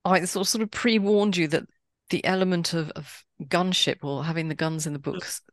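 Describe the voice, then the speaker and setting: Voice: mid-range voice, steady tone, normal speed, no echo. A podcast host talks casually with an author, chatty and cheerful, often circling back to rephrase mid-sentence. The voice sits mid-range and sounds dry and close, with no room around it. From Britain. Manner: chatty, with frequent restarts and a cheery tone. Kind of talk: casual interview chat.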